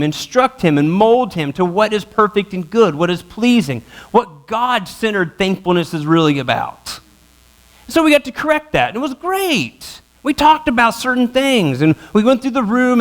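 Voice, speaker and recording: A male pastor in his thirties telling a funny family story in a sermon, self-mocking and acting out his kids and wife. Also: high-pitched. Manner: animated, self-mocking, acts out his family in quick voices. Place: church auditorium.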